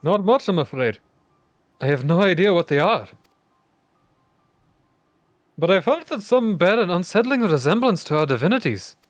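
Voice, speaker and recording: A man's voice: high-pitched, sing-song, a little fast, no room sound, faint music behind. A man voicing a modest, grateful fisherman from a village, as a fan reading of game dialogue on a dull home mic. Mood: earnest. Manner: friendly, modest.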